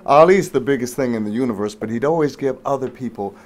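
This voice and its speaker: An older man chats as a guest on a studio talk show, telling anecdotes with the crisp, deliberate diction of a trained radio announcer. His voice sits at an average male pitch, and he gets loud and lively when he acts out quotes. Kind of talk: casual interview chat, storytelling.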